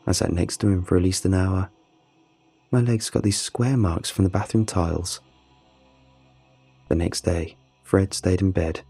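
A man with a gravelly, husky voice narrating a scripted first-person story. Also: deep voice, dry recording. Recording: soft music under the voice.

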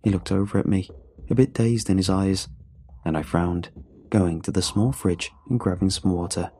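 A man narrating a first-person story in a steady, measured way. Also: low voice, a little hiss or hum.

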